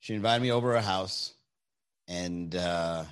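A man's voice: deep voice, a little slow, smooth. A young man hosting a casual chat, telling a story animatedly and profanely, acting out quotes.

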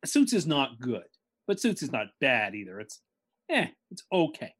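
Measured man with lively pitch, mildly contrarian. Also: slightly rough. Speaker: podcast co-host. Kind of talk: casual chat.

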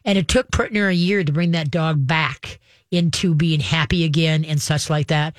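A woman's voice: deep voice, normal speed, dry recording. Woman dog trainer chatting folksy and rambly, dry close sound. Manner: folksy and rambling, acts out dogs and owners. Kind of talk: casual advice chat.

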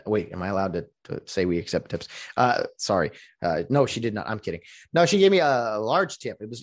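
A man who works as a rideshare driver, talking casually in a rambling vlog monologue. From California. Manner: rambling, restarts often, lively pitch.

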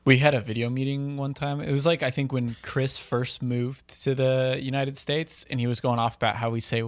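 A man's voice: medium pitch, level tone, normal speed, no echo. A man hosting a casual podcast, welcoming guests in an easygoing, wry way. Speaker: podcast host. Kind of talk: casual chat.

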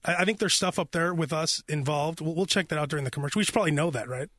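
A man's voice: on the high side, rapid-fire, a bit bright, no room sound, clean studio sound. A man hosting a radio morning show, rambling and joking in casual on-air banter. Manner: rambling, joking, self-interrupting. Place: radio studio. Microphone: studio microphone.

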